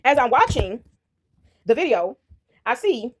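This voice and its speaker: A woman's voice: fairly high pitch, very animated, measured pace. A woman giving a casual spoken reflection on Bible stories, rambling and checking in with "right?" and "y'all" all the time, and laughing often as she goes. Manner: laughs often while telling. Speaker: video creator sharing faith reflections.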